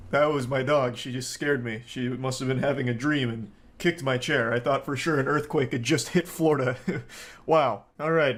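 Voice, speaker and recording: A man's voice: medium pitch, fairly bright tone. Dry sarcastic male commentator. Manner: dry sarcastic, rambling asides. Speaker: commentary host. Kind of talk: reaction commentary.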